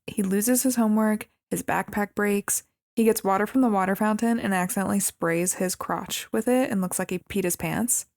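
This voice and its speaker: A woman co-hosting a movie podcast, walking through the story in casual chat. Her voice is mid-pitched with a steady gravelly fry. She adds wry, amused remarks about how odd the plot is. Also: moderate pace, hardly any pauses. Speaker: podcast co-host.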